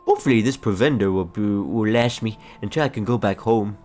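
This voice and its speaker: A man voicing an excitable, hungry male village character from a fantasy game, reading his lines in a giddy, effusive way. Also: on the low side, a little fast, natural voice. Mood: cheerful.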